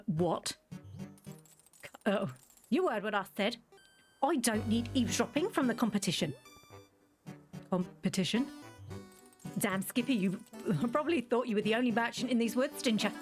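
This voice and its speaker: A woman voicing a grumpy, paranoid old woman merchant who blusters and accuses in a squeaky, raised voice. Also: expressive, normal speed, pauses often, soft background music, natural voice. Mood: suspicious.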